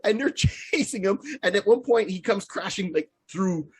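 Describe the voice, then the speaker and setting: A man co-hosting a casual podcast, telling a funny story excitedly and laughing along the way. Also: sits high, moderate pace, slightly rough. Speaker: podcast co-host.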